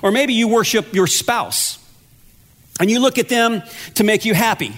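Guy with a high voice preaching, chatty and telling stories on himself. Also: normal speed, fairly bright tone. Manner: conversational, self-deprecating storytelling. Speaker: pastor. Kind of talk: sermon with personal story.

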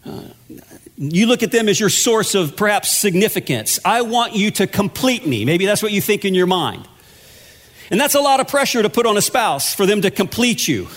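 A man's voice: sits high, very animated, moderate pace, a bit bright. A pastor delivering a sermon in a conversational, storytelling way, with humor at his own expense. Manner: conversational, self-deprecating storytelling.

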